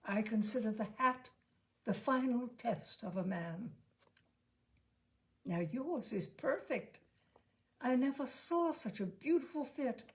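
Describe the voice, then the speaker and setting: A woman's voice: fairly high pitch, expressive, slow, pauses often. A woman voicing an earnest young woman who gushes over a man's hat. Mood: earnest admiring. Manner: gushing, earnest.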